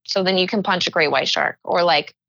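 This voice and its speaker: Bright, giggly American woman. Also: on the low side, a little fast, vocal fry, no room sound, highs cut off. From United States. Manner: giggly, filler-heavy, says "like" constantly. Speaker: podcast co-host. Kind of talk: casual chat.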